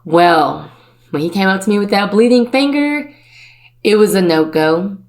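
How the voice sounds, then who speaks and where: A woman's voice: mid-range voice, expressive, a little slow. A woman from Virginia, hosting a podcast, telling a personal story in a playful, chatty way and putting on the voices of her relatives. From Virginia, USA. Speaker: podcast host.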